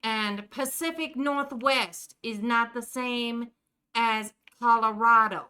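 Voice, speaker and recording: A woman's voice: on the high side, fairly even intonation, slow, pushed and bright, smooth. A woman streamer chatting casually while gaming, teasing the characters in a put-on Jersey accent. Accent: put-on New Jersey. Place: indoor room at home.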